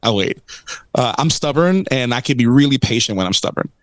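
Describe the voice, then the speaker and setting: A man in casual conversation, recounting a story with lots of energy. His pitch sits in a middle register and jumps up when he acts out other people. The sound is close and dry. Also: fairly quick, no room sound. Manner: animated storyteller, acts out quotes. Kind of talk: casual chat.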